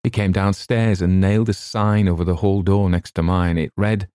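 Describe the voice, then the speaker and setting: A man narrating a classic story in a measured, deliberate way. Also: deep voice, flat delivery, mellow, clear, resonant tone, no room sound, clean studio sound. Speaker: audiobook narrator. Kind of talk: scripted narration.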